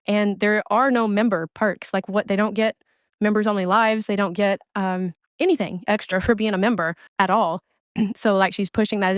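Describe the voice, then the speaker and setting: Woman, commentary creator; exasperated, blunt delivery; smooth voice, dry close recording. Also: medium pitch, no room sound. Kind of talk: ranting commentary on another streamer.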